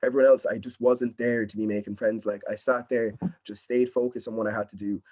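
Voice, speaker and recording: This young Nigerian drama student speaks in a lowish, darkish voice with a flat, brisk delivery. Interviewed over a video call, he's casual, earnest and encouraging, frequently tacking on "you know what I mean".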